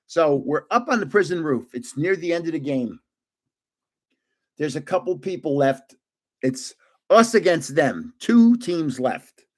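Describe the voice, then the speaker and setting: On the high side but measured in pace, this man's voice carries casual gaming stories on his livestream. The host, in his seventies, is animated, laughs frequently and restarts his lines.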